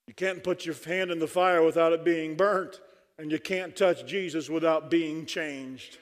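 High-pitched preacher guy going hard at a conference, deadpan jokes, long hall echo. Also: a little slow. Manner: fervent preaching with dry humor. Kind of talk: sermon.

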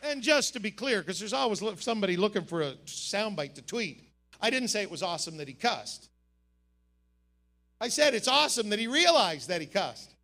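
A man preaching at a camp meeting, his voice very high and bright. He moves from quiet, quick asides to emphatic shouted peaks. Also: big pitch swings. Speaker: pastor. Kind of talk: sermon.

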